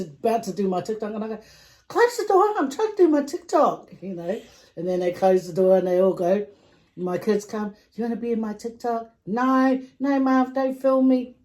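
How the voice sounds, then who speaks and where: Brief: woman vlog host, casual mealtime chat, mellow tone, giggly asides. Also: mid-range voice, rough recording. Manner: chatty and giggly, trails off into soft asides. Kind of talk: casual chat while eating.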